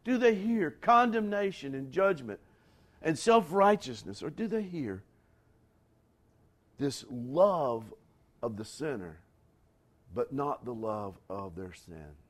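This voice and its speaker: A man preaching a sermon, talking straight to his congregation with conversational asides and building to forceful emphatic lines. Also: mid-range voice, very animated, slow, long pauses. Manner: rising to emphatic near-shouts on key lines. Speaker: pastor.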